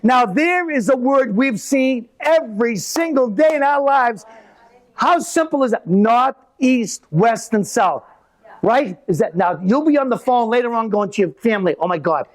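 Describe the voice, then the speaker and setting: Man, stand-up comedian, fairly high voice, animated live storytelling. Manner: animated storytelling with quick asides. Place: live comedy venue with audience.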